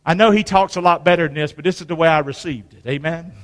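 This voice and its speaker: A man preaching a sermon in a church, leading call-and-response and swinging from hushed lines to shouts. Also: on the high side, quick pace. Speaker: pastor. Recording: reverberant church hall.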